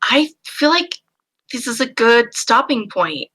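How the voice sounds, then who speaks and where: Player, woman, bright voice, blunt and dry. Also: fairly high pitch, expressive, slow, rough recording. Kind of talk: casual tabletop chat.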